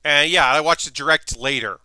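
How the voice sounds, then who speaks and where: A man's voice: fairly high pitch, a little fast, sharp tone, smooth, dry recording. A man streaming a card game live, chatting casually and thinking aloud with frequent ums and restarts while greeting viewers.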